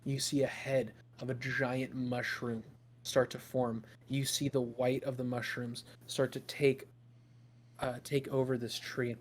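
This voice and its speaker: A man's voice: medium pitch, flat delivery, unhurried. A man narrating a tabletop game as game master, in a loose, improvised storytelling way with fillers.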